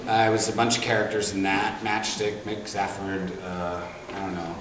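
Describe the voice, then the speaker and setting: A man's voice: sits low, flat delivery, normal speed, fairly bright tone, a little hiss or hum. A man, a voice actor, telling jokey stories at a convention panel. He laughs often and acts out voices. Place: large convention hall. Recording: echoey convention hall from far off, crowd ambience.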